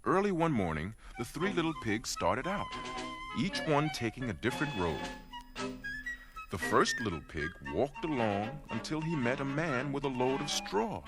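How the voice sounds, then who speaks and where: A man reading a children's story aloud with an expressive storyteller cadence. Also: mid-range voice, normal speed, over music. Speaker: children's show host.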